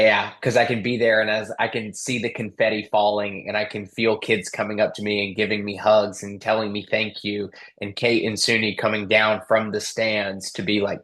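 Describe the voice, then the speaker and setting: A young man with a somewhat low voice, talking his way through thoughts in a coaching session. He hesitates often and fills gaps with filler sounds while he searches for the right words. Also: fairly bright tone. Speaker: coaching client.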